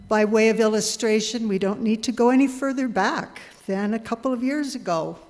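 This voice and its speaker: A woman giving a measured, earnest reflection to a congregation as a lay worship leader. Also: a little high, a little mellow. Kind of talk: sermon reflection. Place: congregation hall. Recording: long hall reverb.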